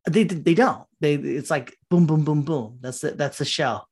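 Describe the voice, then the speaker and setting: A man's voice: fairly high pitch, normal speed, darkish tone, husky. Rambling, profane casual podcast man. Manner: profane, rambling, laughs often; mocking quoted voices. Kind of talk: casual solo podcast rant.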